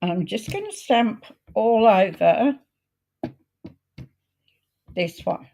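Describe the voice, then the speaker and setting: A woman hosting a card-making video, chatting in a homely way while she works, her voice a little croaky. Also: mid-range voice, very animated, warm tone, a little hiss or hum. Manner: chatty, homely, unhurried, talks while working. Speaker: craft video host. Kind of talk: casual crafting demo chat.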